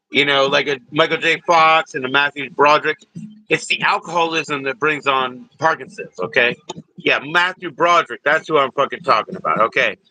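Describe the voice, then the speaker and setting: A man's voice: a little high, bright, forceful tone, low-quality recording. A man hosting a livestream, ranting in a profane, rambling and heated way. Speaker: livestream host. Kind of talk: casual livestream rant.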